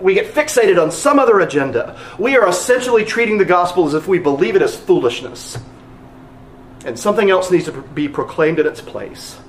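High, lively-voiced pastor preaching. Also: male voice, roomy sound, slight background noise. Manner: earnest preaching with emphatic repetition. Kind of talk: sermon.

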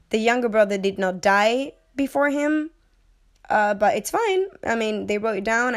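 Young woman, casual film-review vlogger, under the weather and a little breathless; chatty and digressive, playful, swears casually. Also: medium pitch. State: sick, short of breath, coughing. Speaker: movie reviewer.

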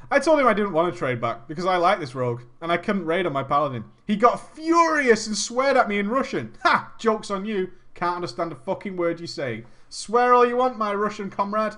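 A man tells a gaming story and keeps breaking off for jokes and mock outrage. His voice sits high, and he curses freely and laughs between lines. His tone swings widely from phrase to phrase. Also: big pitch swings, normal speed, pushed and bright. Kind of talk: comic reading with commentary.

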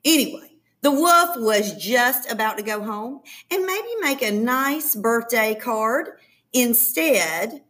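A woman reading a children's story aloud in an expressive, playful storytelling manner. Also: a little high, takes it slowly.

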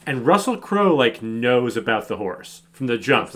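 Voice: mid-range voice, big pitch swings, measured pace. A podcast co-host recapping a movie in incredulous, swearing casual chat.

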